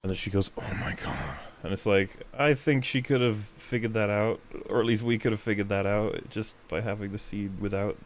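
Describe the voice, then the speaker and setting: A man co-hosting a podcast in casual banter, retelling scenes with animated mock quotes. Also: on the low side, fairly quick, few pauses, a little hiss or hum. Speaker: podcast co-host.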